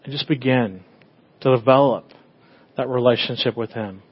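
A middle-aged man, a pastor, preaching a conversational sermon, swinging between loud bursts and hushed tender moments. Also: mid-range voice, normal speed, breathy edge, highs cut off.

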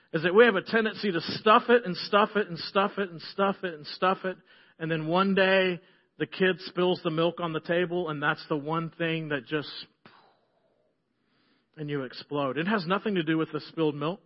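A middle-aged man preaching a sermon as pastor, earnest, often dropping to a soft hush on key phrases. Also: a little high, fairly even intonation, moderate pace, highs cut off.

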